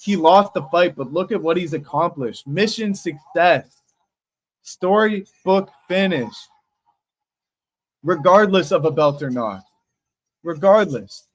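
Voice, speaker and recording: A man hosting a live stream, reacting to fights in casual commentary, excited and emotional, repeating himself. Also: a little high, slow pace, pauses often. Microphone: streaming setup mic.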